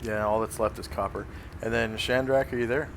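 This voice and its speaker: A man's voice: lowish voice, steady tone, brisk, slight background noise. A man running a tabletop game as game master, speaking hesitantly with many fillers.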